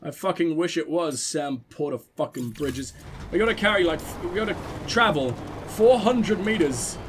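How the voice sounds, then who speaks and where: A man's voice: a little high, lively intonation, moderate pace, a little hiss or hum. A man casually commenting on his gameplay, talking to himself and swearing at the game in exasperation. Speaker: let's play host.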